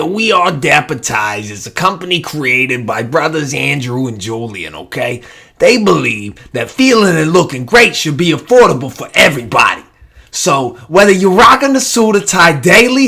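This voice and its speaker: A man's voice: a little high, a bit bright, pitched above the performer's own voice, full character voice. A man reading an ad as a brash Philadelphia sports fan in a put-on Philadelphia accent.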